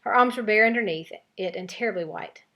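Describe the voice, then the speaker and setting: A woman's voice: mid-range voice, fairly quick. Woman teacher reading a storybook aloud. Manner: expressive storytelling narration. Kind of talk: reading a novel aloud to a class.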